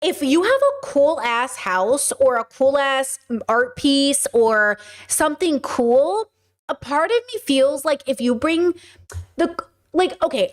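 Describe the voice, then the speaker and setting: Animated high-voiced woman streamer. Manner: animated, rhetorical, chatty with viewers. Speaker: streamer and podcast host. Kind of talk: casual live-stream commentary.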